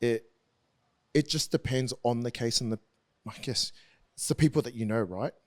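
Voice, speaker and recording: A man in his thirties speaks as a podcast guest at a middle pitch. He tells his story earnestly, stopping and restarting his sentences often as he works through it. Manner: earnest, halting with frequent restarts. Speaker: interview guest, rugby league player. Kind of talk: candid podcast conversation.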